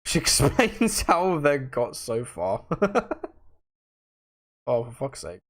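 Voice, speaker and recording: This young man's casual livestream chatter is slow, with big pitch swings, as he rambles to viewers in slang and shifts between loud outbursts and mumbled asides.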